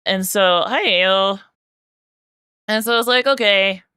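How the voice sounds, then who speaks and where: A woman's voice: mid-range voice, unhurried, pushed and bright, smooth, no room sound, studio quality. A woman streamer chatting casually with her viewers while painting, telling a long rambling story full of "like" fillers. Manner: talks directly to chat while painting.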